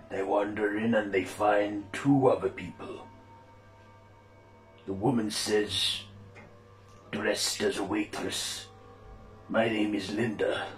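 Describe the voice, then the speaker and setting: A man tells a mystery story in a plain, unhurried manner, his low voice moving very slowly. Faint music plays under his narration. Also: roomy sound.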